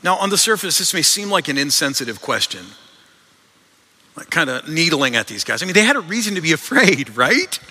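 Bright-voiced male pastor in a reverberant hall. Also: fairly high pitch, very animated, fairly quick, slightly rough. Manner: earnest, conversational, frequent word repeats. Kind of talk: sermon. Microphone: microphone. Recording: long reverb in a large hall.

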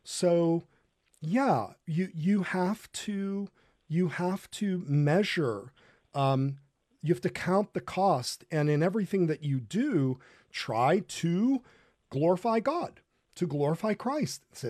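A man hosting an online faith talk show, speaking earnestly and pausing on fillers. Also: sits high, animated, a little mellow, no room sound, clean studio sound. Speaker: host.

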